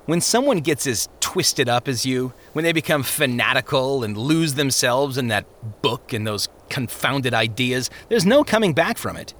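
A man voicing a smooth-talking, condescending parson who brushes off worries breezily. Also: mid-range voice, animated, moderate pace, fairly bright tone, close to an everyday voice. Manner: breezy, dismissive, patronizing. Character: glib, condescending male parson. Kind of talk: storybook character voice.

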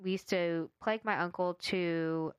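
A woman's voice: fairly low pitch, fairly even intonation, a little slow, clean tone, no room sound, highs cut off. A woman chatting casually and telling a story, laughing often and sometimes trying an Irish storytelling voice.

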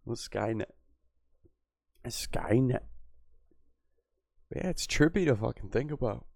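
Gravelly, profane man riffing. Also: mid-range voice, lively intonation, quick pace, no echo. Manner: crude, riffing, sarcastic, says "bro" a lot. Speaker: livestream host reading chat. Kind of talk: profane casual livestream chat. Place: Boston area.

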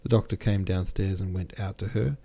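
Low, mellow male audiobook narrator. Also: fairly even intonation, gravelly. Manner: measured reading with small self-corrections. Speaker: podcast host and audiobook reader. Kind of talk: scripted narration of a classic novel.

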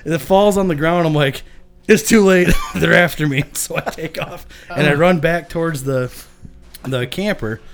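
A man's voice: on the high side, normal speed. A young adult man from Michigan casually telling a long, profane story, often laughing as he talks. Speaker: podcast guest.

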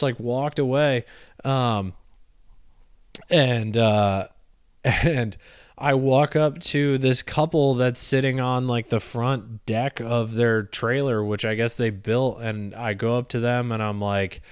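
A man's voice: mid-range voice, steady tone, measured pace, clear, resonant tone, no echo, clean studio sound. Rambling, casual young man telling a story. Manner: rambling, many fillers, swears, laughs at himself.

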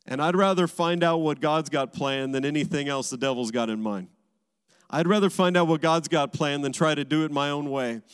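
A man's voice: fairly high pitch, clean tone. A man preaching a sermon as a pastor, driving his points home with emphatic repeated phrases. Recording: large hall with long reverb.

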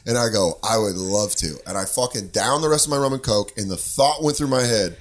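A man's voice: mid-range voice, quick pace. A man in his thirties telling a rowdy bar story in casual podcast chat, swearing a lot and acting out other people's lines. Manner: profane, animated, acts out voices in quotes.

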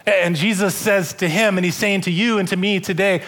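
A man's voice: high voice, steady tone, brisk, a bit bright. A male pastor delivering a church sermon in an earnest way, often repeating and restarting words.

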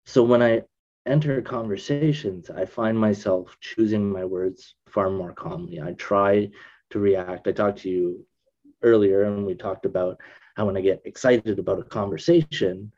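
A man in casual conversation, thinking aloud with restarts, usually subdued but getting emphatic when excited. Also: fairly low pitch, moderate pace, lo-fi sound.

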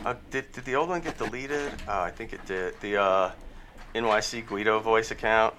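A man co-hosting a casual comedy podcast, sarcastic and quick to laugh. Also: fairly low pitch, a bit bright, a little hiss or hum. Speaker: podcast co-host.

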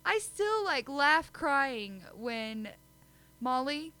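A woman's voice: high-pitched, big pitch swings, drawn-out words, sharp tone, soft background music, low-quality recording. A woman co-hosting a podcast, chatty and giggly, poking fun at herself in casual chat. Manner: giggly, chatty, self-deprecating. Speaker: podcast co-host.

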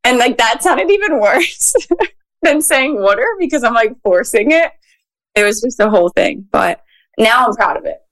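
A woman with a Philadelphia accent, a guest on a podcast, telling stories in an animated, casual way with lots of "like.". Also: fairly high pitch, normal speed. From Philadelphia, USA. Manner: animated storyteller, frequent "like".

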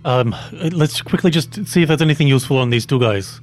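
A man's voice: mid-range voice, brisk, faint music behind. A man playing a tabletop game, talking in an easygoing, joking way. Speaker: player. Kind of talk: casual tabletop game chat.

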